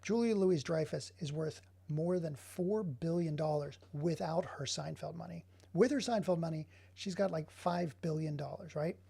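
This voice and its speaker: A man's voice: on the high side, moderate pace, creaky, few pauses, dark tone, slightly rough. A man casually commenting on his digital art work, drifting into sarcastic, rambling rants. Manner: rambling, sarcastic ranting asides. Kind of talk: casual running commentary while working.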